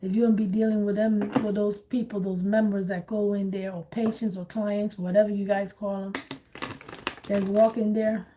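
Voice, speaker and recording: A woman hosting a casual chat, animated and blunt, laughing often. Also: mid-range voice, normal speed, background noise. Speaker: host.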